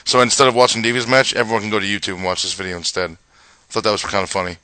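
A man's voice: fairly low pitch, racing, bright, forceful tone, clean tone, no echo. A man co-hosting a wrestling podcast in casual chat, rambling and ranting with many fillers.

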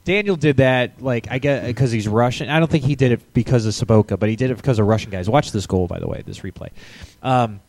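A man's voice: mid-range voice, fast talker, darkish tone. A man co-hosting a live sports podcast, chatting casually and rambling with frequent stammered restarts. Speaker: podcast co-host.

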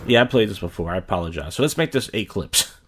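A man with a fairly low voice hosts a reaction video in a loose, casual way. His commentary is blunt and crude, and he talks straight over the clips. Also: expressive, quick pace, crowd noise. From Philadelphia.

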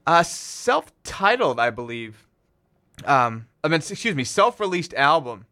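A man's voice: a little high, big pitch swings, a little slow, bright, forceful tone. A man hosting a metal radio show from a small station studio, talking loosely with fillers and self-corrections as he introduces tracks. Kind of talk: casual radio show patter.

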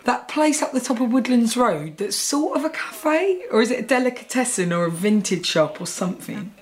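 A woman's voice: on the high side, lively intonation, normal speed, breathy edge. An actress playing an awkward, chatty young Englishwoman with an Estuary accent, who rambles and puts herself down, both in scenes and in voice-over narration. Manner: chatty, rambling, self-deprecating. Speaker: lead character and narrator. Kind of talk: TV comedy acting with voice-over narration.

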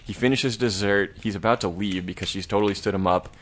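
Low-voiced man casually recapping a plot. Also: fairly quick, slight background noise. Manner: rambling, laid-back, profane. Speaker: podcast co-host.

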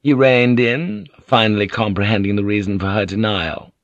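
A man narrating an audiobook in measured storytelling. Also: on the low side, dry recording, muffled recording. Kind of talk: scripted narration.

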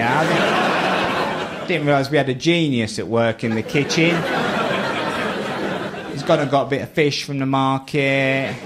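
A man's voice: mid-range voice, normal speed, long pauses, heavy background noise. London man, host and storyteller, dry wit, crowd audible. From southeast London. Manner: wry storytelling, mock-posh asides. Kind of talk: stand-up comedy then group chat. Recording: crowd laughter behind.

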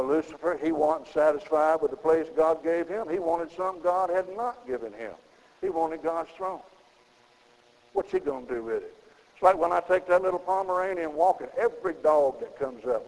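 Middle-aged preacher, gravelly and fairly high, folksy sermon in a long-echo hall. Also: male voice, a little mellow. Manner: folksy preaching with sudden high emphatic rises.

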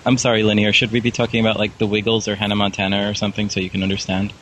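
Man, caller, casual chat, lowish voice, hesitant, giggly, faint ambience. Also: monotone, racing, a bit bright, slight background noise, rough recording. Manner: self-deprecating, hesitant, giggly.

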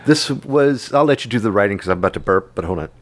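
A man's voice: on the low side, lively intonation, fast, no echo. A man in his forties co-hosting a film chat, trading teasing, joking banter in a casual way. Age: 40s. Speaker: podcast co-host.

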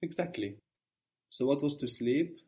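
A man's voice: mid-range voice, lively intonation, unhurried, darkish tone. A man teaching a language lesson, explaining patiently and encouraging his student.

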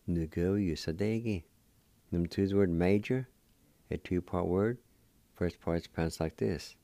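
A man with a very deep, gravelly voice teaches words at a slow, careful pace. He spells everything out patiently, letter by letter, as a radio host would. The sound is dry and close, with no room around it. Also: dark tone, dry recording. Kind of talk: slow spelled-out language lesson.

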